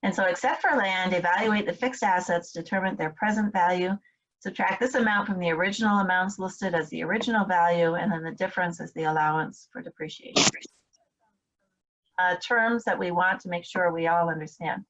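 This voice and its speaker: A woman's voice: on the low side, fairly quick, a bit bright, muffled recording. A woman instructor giving a recorded training lecture, explaining step by step with frequent fillers and check-ins with her listeners. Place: home, in Michigan.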